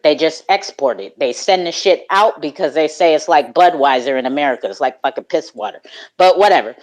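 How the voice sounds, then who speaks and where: Slangy, laid-back woman hosting a chat room. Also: low voice. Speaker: host of a live audio chat room. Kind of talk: casual chat. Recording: phone-quality live audio room.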